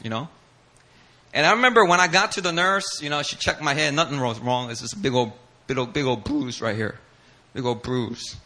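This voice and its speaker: Animated preacher with bright, lively voice. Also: male voice, on the high side. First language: Korean. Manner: animated, acts out voices, laughs often. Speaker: pastor. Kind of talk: sermon storytelling.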